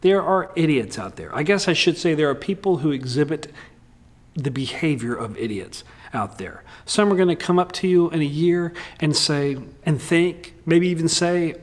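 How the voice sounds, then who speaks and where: A male pastor preaching a sermon in a candid, humorous way with lively swings in delivery. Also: a little high, moderate pace.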